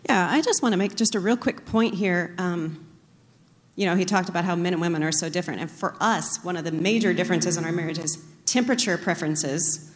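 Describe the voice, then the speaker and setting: A woman's voice: on the low side, brisk. A woman speaking casually at a church talk, chatty and self-deprecating as she tells a personal story. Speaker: co-speaker, pastor's wife. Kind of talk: casual sermon talk with anecdotes. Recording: long reverb of a large hall.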